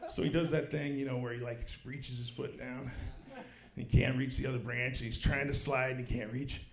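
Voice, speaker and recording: A man in his thirties doing stand-up comedy on a club stage, swinging from low mutters to loud shouted punchlines. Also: flat delivery, fairly quick, vocal fry. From Kansas City, United States. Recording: roomy club sound.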